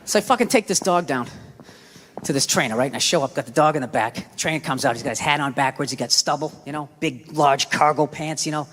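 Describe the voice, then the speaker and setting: A man doing a loud, profane stand-up routine on a comedy stage. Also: fairly high pitch, fast talker, big-room sound, a little hiss or hum. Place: comedy stage with a live audience.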